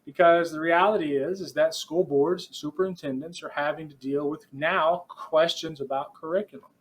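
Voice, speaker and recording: A man's voice: fairly high pitch, fairly even intonation, moderate pace, husky. A middle-aged man, a professor giving a conversational, digressive podcast lecture that speaks directly to his students. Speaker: professor teaching future principals.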